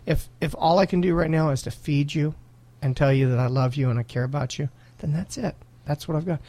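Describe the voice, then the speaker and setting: A man who is a pastor, chatting casually on a podcast, earnest and laughing often, with halting restarts. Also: fairly high pitch, mellow.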